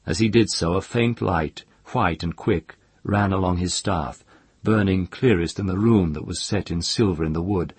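A man reading a fantasy story aloud in a calm, measured storytelling voice. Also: deep voice, slightly rough, no room sound. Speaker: narrator. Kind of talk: scripted audiobook narration.

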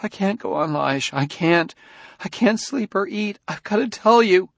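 A man reading a story, voicing a frightened wife who pleads through tears in a high, strained voice. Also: animated, measured pace, vocal fry, no room sound. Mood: distraught pleading. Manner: tearful, pleading. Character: sobbing frightened wife, desperate.

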